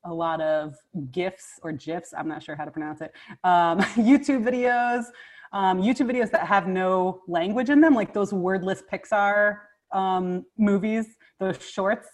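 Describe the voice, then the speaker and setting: A woman guest speech therapist talking casually over a video call, enthusiastic and quick to laugh. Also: mid-range voice, a little mellow. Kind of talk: casual interview chat.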